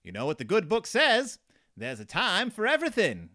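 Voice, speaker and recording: A man voicing an easygoing old male farmer bear in a higher, put-on voice while reading a storybook aloud. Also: huge pitch swings, moderate pace, pushed and bright, no room sound, studio quality, exaggerated voice.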